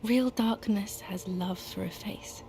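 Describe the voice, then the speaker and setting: A mournful, cryptic woman speaks out of a dream. Her voice is slow, distant and ghostly, in a middle register. A faint hiss sits underneath. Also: medium pitch, dark tone. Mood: haunting.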